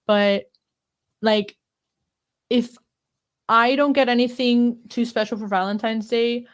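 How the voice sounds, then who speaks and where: Woman, podcast co-host, casual chat, talkative, expressive, mid-pitched. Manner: chatty, fills talk with "like" and "you know"; expressive, gasps and laughs while talking.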